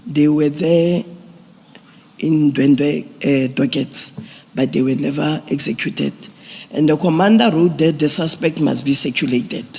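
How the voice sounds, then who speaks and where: A man, a police general giving deliberate, procedural testimony at a formal hearing. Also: a little high, creaky, darkish tone, breathy edge. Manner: deliberate, procedural, restarts phrases. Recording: long reverb of a large hearing room.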